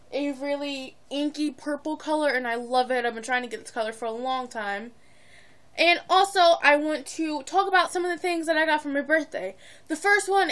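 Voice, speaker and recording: Teenage girl, high-pitched, bright, bubbly and rambling, at home vlog. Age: teens. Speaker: vlogger. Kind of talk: casual chat to camera. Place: at home, indoors.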